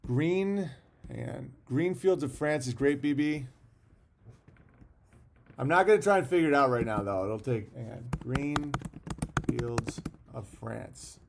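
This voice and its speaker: A man hosting a relaxed livestream, talking at an ordinary middle pitch. He rambles from thought to thought, reads out viewer comments and answers them bluntly, with the occasional swear. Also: measured pace, gravelly, pauses often, background noise. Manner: blunt and profane. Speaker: livestream host. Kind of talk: casual livestream chat.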